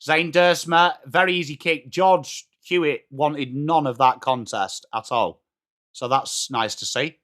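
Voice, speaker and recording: An English-accented man streams a live footy watchalong, calling the play in a high, bright, forceful voice. He is blunt and excitable, swears freely and breaks off to greet viewers in the chat. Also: a little slow. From England. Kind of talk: live football reaction commentary.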